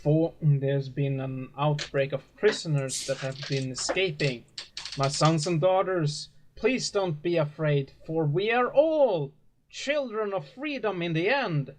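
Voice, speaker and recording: A man voicing a pompous preacher of a company cult who delivers grand, drawn-out sermons to his flock. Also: a little high. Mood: preaching.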